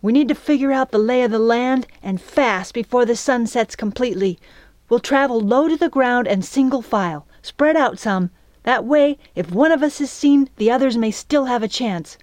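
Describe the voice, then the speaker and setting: A woman voicing a bossy young girl who leads her friends, giving brisk, commanding orders. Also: fairly high pitch, darkish tone, dry recording, voice pushed up, natural voice. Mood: urgent.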